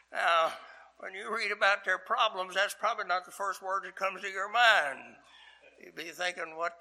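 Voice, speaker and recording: Bright-voiced older preacher, deliberate. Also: male voice, high-pitched, vocal fry, low-quality recording. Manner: earnest preaching with deliberate pauses. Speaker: pastor. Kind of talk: sermon.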